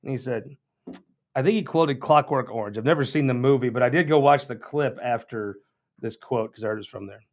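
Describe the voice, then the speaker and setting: A man's voice: mid-range voice, fairly quick. A man hosting a political talk show, rambling in a folksy, casual monologue with frequent restarts. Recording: dull lo-fi sound.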